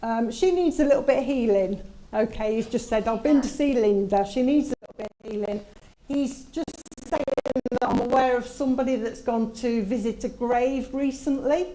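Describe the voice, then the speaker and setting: Woman medium, chatty and warm-toned, a bit higher pitched, light hiss behind. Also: moderate pace, rough recording. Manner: chatty, relaying messages with asides. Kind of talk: mediumship demonstration at a service.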